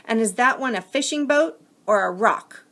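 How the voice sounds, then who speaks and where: A woman's voice: fairly high pitch, lively intonation, moderate pace, fairly bright tone, voice pushed up. A woman voicing a grumpy, know-it-all male gull in a storybook, speaking bossily and impatiently. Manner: bossy, impatient.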